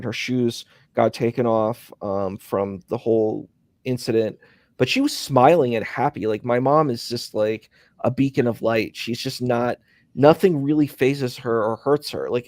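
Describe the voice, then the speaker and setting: A man's voice: medium pitch, a little mellow, no echo. A man in casual conversation, rambling through a story with many fillers, speaking from a hospital.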